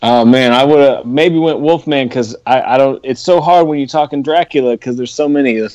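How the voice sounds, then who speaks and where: A man's voice: medium pitch, normal speed, darkish tone, dry recording, highs cut off. A man guesting on a podcast, rambling animatedly and swearing as he chats about horror movies. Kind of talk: casual chat.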